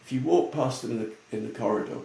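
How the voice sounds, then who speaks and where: A man from the United Kingdom, a retail futurist, talking in a casual podcast conversation, animated and breaking into quick impressions of other people. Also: medium pitch, gravelly, echoey room. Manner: animated, mimics voices in quick asides.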